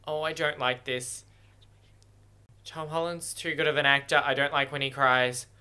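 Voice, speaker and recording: A man's voice: a little high, little pitch movement, moderate pace, bright, forceful tone, clean tone. A man thinking aloud as he watches a film for the first time, emotional and exclaiming. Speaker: movie reactor. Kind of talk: first-watch movie reaction commentary.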